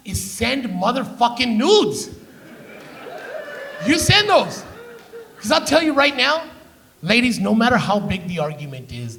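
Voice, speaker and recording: A man's voice: high-pitched, vocal fry, fairly bright tone. A man doing live stand-up comedy with a Canadian accent, brash and profane, teasing the crowd from a theater stage. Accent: Canadian English.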